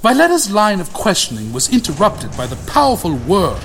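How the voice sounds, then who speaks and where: A man's voice: high voice, wildly swooping pitch, a little fast, creaky, a bit bright. A man narrating a comedic audio drama with whiny, self-pitying, rambling asides.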